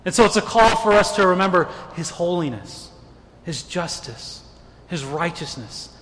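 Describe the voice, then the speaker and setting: A man's voice: high-pitched, expressive, normal speed, fairly bright tone, big-room sound, slight background noise. A man preaching a sermon as a pastor, earnest and stumbling into repeated words as he presses his points.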